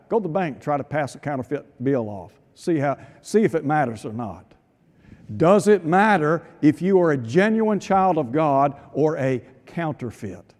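A man's voice: a little high, darkish tone, big-room sound. A man preaching a radio sermon, emphatic and driving his points home with rhetorical questions.

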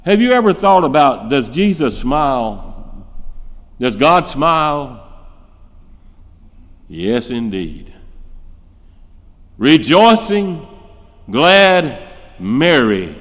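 Slow, animated preacher in a reverberant hall. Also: male voice, on the high side. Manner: emphatic, fires off rhetorical questions; acts out quoted speech in shifting voices. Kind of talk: sermon. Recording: long reverb in a large hall.

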